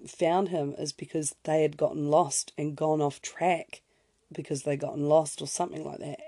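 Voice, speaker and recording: Chatty woman with a gravelly, mellow voice. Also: deep voice, no room sound, studio quality. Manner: chatty, lots of fillers, self-interrupting asides. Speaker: podcast host. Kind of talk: casual storytelling.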